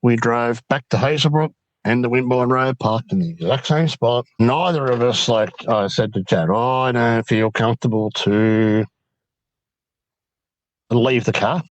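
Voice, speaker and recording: A man's voice: mid-range voice, measured pace, no echo, dull audio. A man with an Australian accent, a guest on an interview show, animatedly recounting a night-time encounter and quoting what he and his friend said. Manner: animated storyteller, quoting himself and others. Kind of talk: telling an encounter story.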